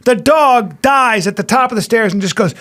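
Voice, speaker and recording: A man chatting as a podcast guest, telling animated stories that turn loud at the punchlines. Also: extremely high pitch, normal speed, dry recording, studio quality. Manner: animated storyteller, gets loud in anecdotes. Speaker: guest comedian. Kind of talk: casual podcast chat.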